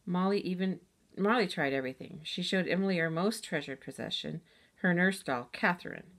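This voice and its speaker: A woman reading a children's chapter book aloud in a steady, gentle storytelling manner. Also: fairly low pitch, fairly quick. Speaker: storybook reader.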